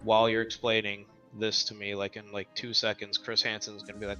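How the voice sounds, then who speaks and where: A man's voice: on the low side, fast talker, faint music behind, rough recording. A man in casual chat who jokes and laughs easily as he talks. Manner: animated and jokey, laughs easily.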